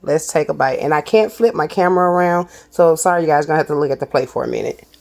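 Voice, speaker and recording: A woman's voice: low-pitched, quick pace, creaky, a little mellow. A woman, chatting casually to viewers while she builds and tastes a burger in a cooking vlog. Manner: chatty, addresses viewers as y'all. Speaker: cooking vlogger.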